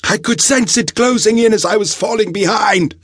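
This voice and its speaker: A frail old professor, gravelly and rasping, drags out each line through labored breathing, as a man puts him on. His low voice rises and falls in wide swings. The recording is close and dry, as in a storybook read in a booth. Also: animated, normal speed, a bit bright, dry recording, full character voice. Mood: urgent. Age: older. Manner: labored breathing, urgent pleading.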